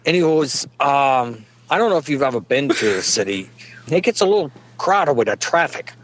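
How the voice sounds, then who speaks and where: A man's voice: mid-range voice, lively intonation, moderate pace, a bit bright, a little hiss or hum. A middle-aged man, delivering a folksy, rambling comedic monologue and chuckling at his own jokes. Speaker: comedic podcast guest.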